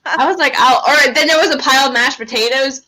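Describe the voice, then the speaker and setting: Young woman podcast host, high bright voice, gossipy and giggly. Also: fast talker, rough recording. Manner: gossipy, giggly, animated reactions. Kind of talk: casual chat.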